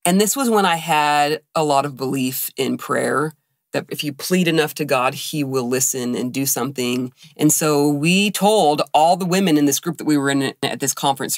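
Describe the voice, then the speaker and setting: A woman's voice: deep voice, normal speed, no echo, studio quality. A woman co-hosting a podcast, telling an emotional personal story with lots of quoted dialogue. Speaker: podcast co-host.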